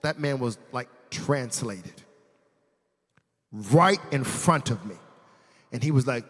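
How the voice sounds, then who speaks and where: A man preaching a sermon as pastor, telling a personal story in casual slang and building from quiet asides to loud, shouted praise. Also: medium pitch, expressive, slow, pauses often, big-room sound. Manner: casual slang, addresses congregation as fam.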